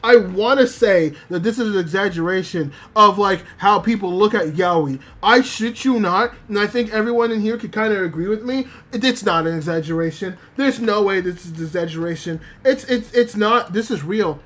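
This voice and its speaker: A woman's voice: medium pitch, normal speed, few pauses. A woman streaming as a VTuber, chatting casually about anime with lots of swearing and fillers, reading chat messages aloud. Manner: animated, profane, rambling with many fillers.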